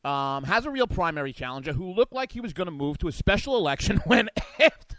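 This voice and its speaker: A man's voice: high voice, sing-song, quick pace, a bit bright, dry recording, poor audio. A man co-hosting a political talk show, chatting in a theatrical, mocking way. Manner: theatrical, mocking, puts on silly voices. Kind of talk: animated political comedy chat.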